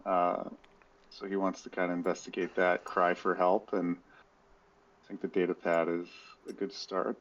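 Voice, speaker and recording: A man's voice: deep voice, little pitch movement, moderate pace, a bit bright, dull audio. A man playing a tabletop role-play game over voice chat, explaining his moves in a hesitant way with many fillers. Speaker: player.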